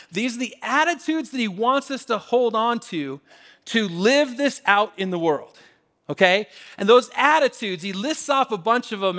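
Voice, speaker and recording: A man's voice: sits high, fairly bright tone. A man preaching a sermon in an emphatic, conversational way, often repeating his phrases. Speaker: pastor.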